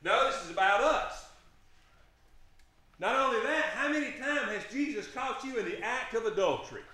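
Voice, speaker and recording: A man's voice: very high-pitched, lively intonation, normal speed, bright, forceful tone. A man preaching a sermon, impassioned and emphatic, firing off rhetorical questions to his congregation. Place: church sanctuary. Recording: echoey church sanctuary.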